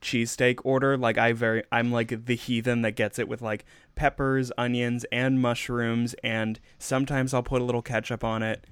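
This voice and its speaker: A man's voice: mid-range voice, little pitch movement, moderate pace, smooth, dry recording. Rambling joking man, dry mic. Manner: rambling, self-interrupting, joking. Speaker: podcast co-host. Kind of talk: casual chat.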